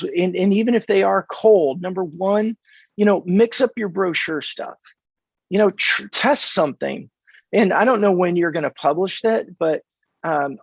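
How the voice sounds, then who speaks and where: An American man in his fifties tells stories in a casual interview, with a gravelly, husky voice that sits a bit high for a man. He acts out dialogue with animated energy. The audio is dull and dry, like a remote podcast line. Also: no echo. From California, USA. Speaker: podcast guest.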